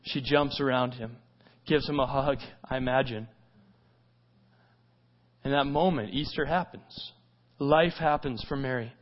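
A man preaching a sermon, swinging between loud urgent stretches and hushed quiet ones and firing off rhetorical questions. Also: medium pitch, a little slow, long pauses, highs cut off. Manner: asks repeated rhetorical questions. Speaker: pastor.

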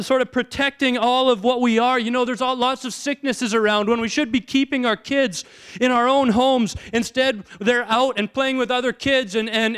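A man's voice: very high voice, fairly bright tone, clear, resonant tone. A man preaching a sermon as a pastor, talking in a conversational way and asking his listeners rhetorical questions.

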